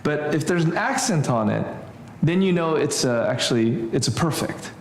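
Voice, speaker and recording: A man teaching a relaxed church Greek class, thinking aloud with many fillers and restarts. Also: fairly high pitch, normal speed, reverberant, a little hiss or hum. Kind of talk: informal church class lesson.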